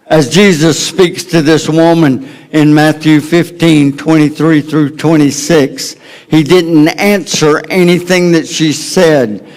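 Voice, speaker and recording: Southern US male pastor, slow dramatic sermon delivery, emphatic then hushed. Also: steady tone. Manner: dramatic, swings from loud emphasis to hushed low tones.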